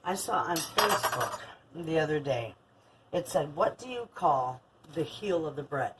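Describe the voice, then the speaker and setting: A woman's voice: sits low, lively intonation, unhurried, background noise. An older woman chatting casually through a home kitchen vlog, rambling and friendly. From Michigan. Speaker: homestead vlogger.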